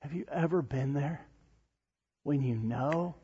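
A husky-voiced man preaching from a pulpit, his voice pitched a little high and pushing hard on the big moments before falling quiet. The sound is dull and lo-fi, with a long reverb trailing through a large church hall. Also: takes it slowly. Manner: animated preaching, rising to near-shouts then dropping low and soft. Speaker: pastor. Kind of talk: sermon.

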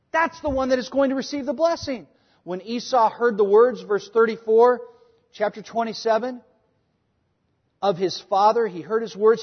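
A male pastor delivering a sermon, emphatic and chatty by turns. His voice is high and a little husky. It carries a long hall reverb on a dull, muffled recording. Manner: emphatic, conversational, switching between loud points and quiet asides.

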